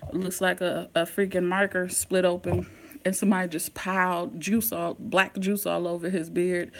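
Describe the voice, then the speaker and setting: A woman hosting a casual live-stream recap, talking straight to her viewers in an excitable, slangy way. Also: on the low side, moderate pace, creaky. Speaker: TV recap host.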